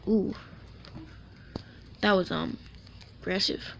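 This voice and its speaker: A woman giving casual gameplay commentary, excitable and joking, with swearing and quick asides. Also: medium pitch. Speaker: mobile game streamer.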